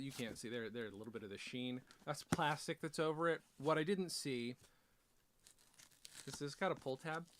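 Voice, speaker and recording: A man's voice: mid-range voice, slight background noise. A man hosting a casual unboxing vlog, rambling with self-deprecating jokes and chatty asides. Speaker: author and video host.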